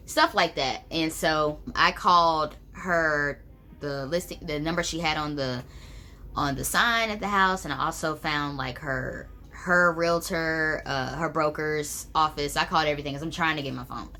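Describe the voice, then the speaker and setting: A young woman tells a personal story to the camera in a casual, chatty way, packing her talk with fillers like "like" and "um." Her voice sits low, with a bright, forceful tone.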